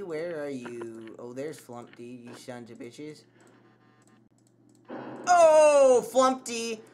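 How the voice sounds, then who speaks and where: A man's voice: sits high, fairly bright tone. A man commentating a horror game, swearing and yelping at scares. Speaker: gameplay commentator.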